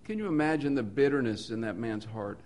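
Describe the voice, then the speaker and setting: A man preaching a sermon at a middle pitch, earnest and steady. He stacks repeated phrases to build emphasis. He drops to quiet, low passages, then rises to forceful ones. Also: a little fast. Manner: earnest, rhetorical repetition, swings between soft and emphatic.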